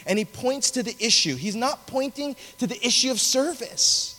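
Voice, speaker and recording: A man preaching a sermon, telling a story in an animated, conversational way, in a large cathedral. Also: sits high, normal speed, hardly any pauses. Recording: long reverb of a large hall.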